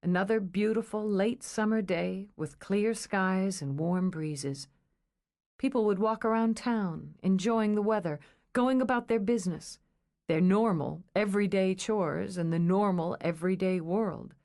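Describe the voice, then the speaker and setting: A woman narrating an audiobook in a measured, storytelling manner. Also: medium pitch, darkish tone.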